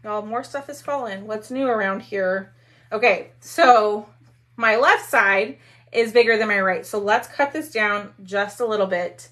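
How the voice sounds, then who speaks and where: A woman's voice: medium pitch, measured pace, a bit bright. A woman hosting a casual craft live stream, chatting with viewers while she works. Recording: faint background noise.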